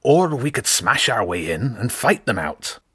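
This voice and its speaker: A man voicing an eager, fight-hungry male rat with a husky Scottish-tinged voice in an audiobook. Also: mid-range voice, sing-song, measured pace, bright, forceful tone, no room sound, clean studio sound, pitched above the performer's own voice, exaggerated voice. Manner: gleeful and bold. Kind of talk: audiobook character voice.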